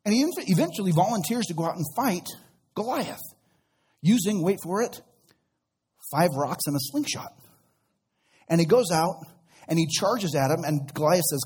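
Pastor, male, higher voice, slightly husky, storytelling sermon, casual slang. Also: animated, normal speed, long pauses, darkish tone. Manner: storytelling with acted-out quotes; conversational, uses casual slang.

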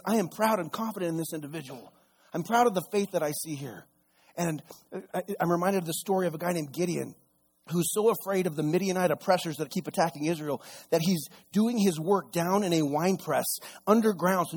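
A pastor preaching a sermon, retelling scripture stories in a casual, animated way with voices for the characters. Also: male voice, high-pitched, breathy edge.

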